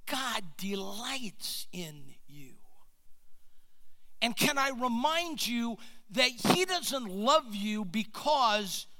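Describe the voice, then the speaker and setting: High-voiced, unhurried man preaching a sermon. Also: very animated. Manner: earnest storytelling preaching, drops to a hushed near-whisper for tender points. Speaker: pastor.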